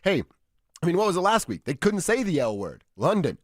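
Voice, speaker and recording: A man from Colorado co-hosting a sports radio show in casual chat, talking with restarts and quick asides in a studio. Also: high-pitched, sing-song, no room sound. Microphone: studio microphone.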